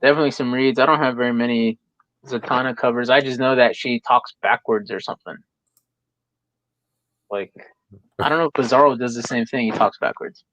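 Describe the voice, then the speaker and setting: A young man chatting casually on a live stream, laid-back and quick to laugh, with lots of fillers. His voice sits at a middling pitch. The sound is dry and a bit dull, like a lo-fi mic. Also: fairly even intonation, a bit bright, dry recording. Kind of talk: casual chat.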